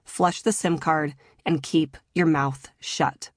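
Female narrator doing a male trafficker, calm, clipped commands, low register. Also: moderate pace, no echo, clean studio sound. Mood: curt. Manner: calm, curt orders.

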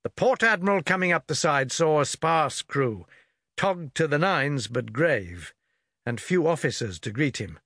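A man's voice: a little high, animated, a little slow, a bit bright, dry recording. Man narrating an audiobook, dry and close. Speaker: audiobook reader.

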